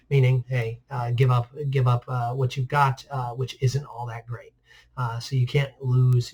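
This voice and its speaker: A man teaching a recorded history lesson in a relaxed, conversational way, filling pauses with frequent "uh"s. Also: medium pitch. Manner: relaxed, many "uh" fillers, conversational asides. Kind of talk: recorded class lecture over slides.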